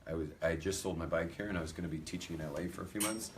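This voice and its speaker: This U.S. rabbi's voice sits low and comes rapid-fire as he entertains an audience with humorous anecdotes, acting out the dialogue. Heavy background noise accompanies the talk.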